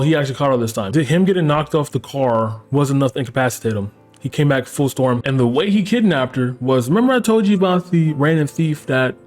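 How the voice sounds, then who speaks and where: A man hosting a casual plot recap. He talks in an animated, sarcastic way, swears freely and slips into quick mock voices for the characters. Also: medium pitch. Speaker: anime recap host.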